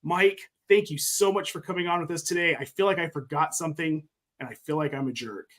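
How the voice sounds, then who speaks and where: A man's voice: a little high, brisk. A man hosting a fantasy football podcast live stream, upbeat and friendly, reading out chat comments. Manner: friendly, reads chat shoutouts. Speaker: podcast host.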